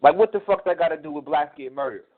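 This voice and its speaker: A man's voice: a little high, very fast. Blunt, cursing man on a phone line. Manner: blunt, profane, rambling. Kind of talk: casual podcast talk.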